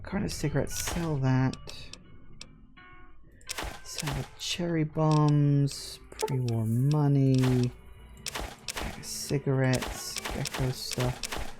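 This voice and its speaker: A sleepy man talks his way through a video game, half to himself, mumbling item names and drifting off into asides. His voice sits at an ordinary middle pitch, and faint music plays underneath. He keeps stifling yawns. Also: steady tone, slow, long pauses. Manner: rambling, muttering to himself. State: tired, yawning. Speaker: gaming video creator. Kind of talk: let's play commentary.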